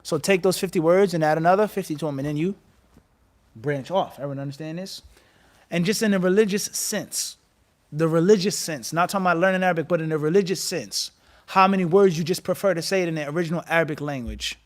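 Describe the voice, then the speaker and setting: A man giving an animated religious lecture and firing rhetorical questions at his listeners. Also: on the high side, quick pace. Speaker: Islamic teacher.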